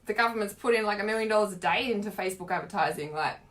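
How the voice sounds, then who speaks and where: A woman's voice: mid-range voice, very fast, fairly bright tone. A woman talking casually on a live stream as a spiritual coach, rambling and filling her speech with "like". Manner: rambling, heavy use of "like", frequent laughs. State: teary from earlier crying.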